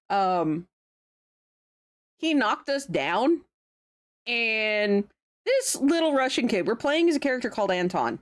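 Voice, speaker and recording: Young woman streamer, chatty, giggly, very lively pitch, let's-play commentary. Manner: giggly, chatty, laughs often.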